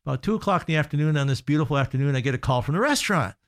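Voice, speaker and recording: A middle-aged man, a guest consultant on a radio talk show, telling workplace stories in an earnest, halting way with many restarts and fillers. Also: a little high, animated, fairly bright tone. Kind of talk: casual radio storytelling.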